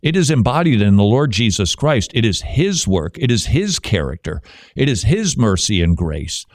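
A man hosting a radio talk show, joking and animated, who turns preacherly when he teaches. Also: fairly low pitch, moderate pace, no room sound, clean studio sound. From Dutch heritage.

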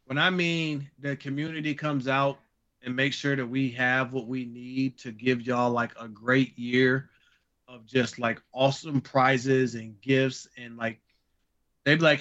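A man's voice: medium pitch, steady tone, unhurried, fairly bright tone. A man, a charity founder guest, chatting casually over a video call in a playful, teasing way. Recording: dull lo-fi call audio.

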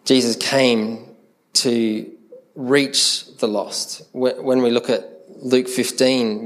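Animated Australian pastor preaching. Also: male voice, medium pitch. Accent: Australian, Adelaide. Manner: conversational, animated, acts out quoted voices. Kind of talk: sermon.

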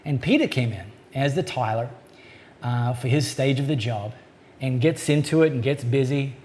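A man preaching a sermon as a pastor, in a conversational way, slowing down to stress key points. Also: mid-range voice, a little mellow, a little hiss or hum.

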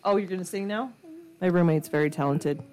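A woman's voice: lowish voice, fairly quick, darkish tone. A woman co-hosting a casual chat, blunt and swearing, often trailing off mid-thought. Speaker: podcast co-host.

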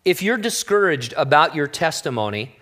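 A male pastor with a voice a little above the usual pitch for a man, preaching in an easygoing, conversational way. He slips wry, joking asides in among his encouragements to the congregation. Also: big pitch swings, moderate pace, fairly bright tone. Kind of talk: conversational sermon.

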